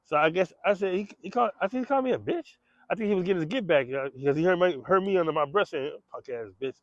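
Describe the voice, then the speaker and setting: A man with a high-pitched voice spins a profane, slang-heavy street story in loose conversational style, acting out gunshots and other people's lines. The sound is dull and lo-fi, and close and dry with no room around it. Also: animated, fast talker, dry recording.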